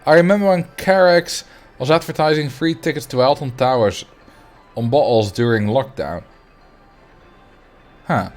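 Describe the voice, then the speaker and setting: A man's voice: medium pitch, expressive, measured pace, long pauses, soft background music. A young man from the Netherlands, chatting casually on a game livestream, laughing often and muttering to himself as he builds. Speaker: game streamer.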